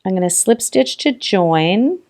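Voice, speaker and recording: A woman with a mid-pitched voice and a gravelly edge leads a relaxed crochet lesson. She chats through each step and counts stitches out loud. She keeps reassuring the viewer with an easy, friendly tone. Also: a little slow. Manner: chatty and encouraging, counting stitches aloud, laughs often. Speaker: crochet tutorial host. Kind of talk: casual step-by-step crochet demonstration.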